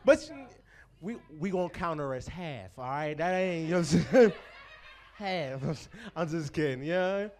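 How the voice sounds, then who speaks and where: High-voiced, profane young stand-up host. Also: male voice, unhurried, a little mellow. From Pittsburgh, USA. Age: 20s. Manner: loose, profane, crowd-teasing banter. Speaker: comedy show host. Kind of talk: stand-up comedy hosting.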